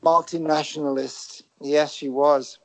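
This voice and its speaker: A middle-aged man from Britain speaks as an interview guest. He thinks aloud in a reflective, rambling way and often stops to restart his sentences. His talk is casual and unhurried. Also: a little high, little pitch movement, low-quality recording. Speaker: guest musician.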